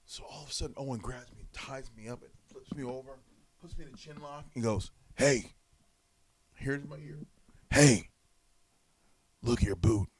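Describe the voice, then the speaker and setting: A former wrestler, a man, telling lively stories in an interview and acting out the quotes. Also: medium pitch, fairly quick. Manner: animated storyteller, acts out quotes. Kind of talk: storytelling interview.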